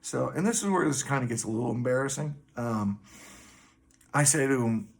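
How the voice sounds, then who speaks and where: A man's voice: mid-range voice, animated, moderate pace, vocal fry. Male vlogger, casual storyteller, loose and profane, heavy on the ums. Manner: rambling, profane, many fillers.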